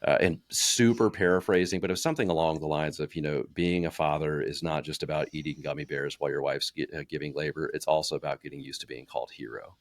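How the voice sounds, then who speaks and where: A man's voice: rumbling low, steady tone, quick pace, few pauses, dry recording. A man in his thirties, a podcast co-host in casual chat, talking in loose runs with fillers and restarts. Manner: chatty, many fillers and restarts, acts out quotes. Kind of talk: casual podcast chat about personal branding.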